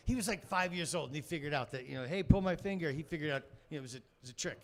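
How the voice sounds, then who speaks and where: A man on a comedy club stage rambles through a crude story, cursing freely and cracking himself up. His voice sits a bit high for a man and carries a gravelly, fry-laden edge. He sounds like a newer comic working a handheld mic. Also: animated, very fast, few pauses. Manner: rambling, profane, laughs at own jokes. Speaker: amateur stand-up comic. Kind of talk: stand-up storytelling.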